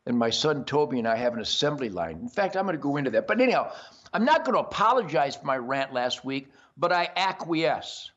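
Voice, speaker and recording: A man's voice: mid-range voice, sing-song, a little fast, fairly bright tone, lo-fi sound. An older man hosting a show, talking in a brash, boisterous rambling monologue. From Detroit area. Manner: boisterous, brash, self-promoting. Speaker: host. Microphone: earpiece.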